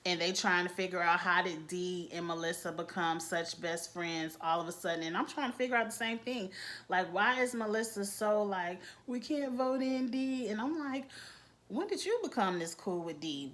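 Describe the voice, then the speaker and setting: Woman vlogger, AAVE, sassy reality-TV recap, lively asides. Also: mid-range voice, normal speed. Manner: sassy, animated, quotes cast members. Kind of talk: casual recap commentary.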